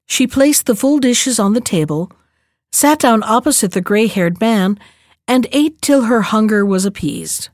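A woman's voice: on the high side, expressive, unhurried, darkish tone, dry recording, clean studio sound. Woman librarian reading a fairy tale aloud. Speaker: librarian and storyteller. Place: library recording.

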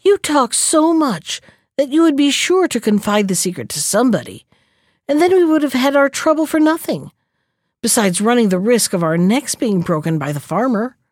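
A woman voicing a sly, scheming male jackal in a storybook, smooth and evasive. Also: on the high side, big pitch swings, normal speed, a little mellow, dry recording, clean studio sound.

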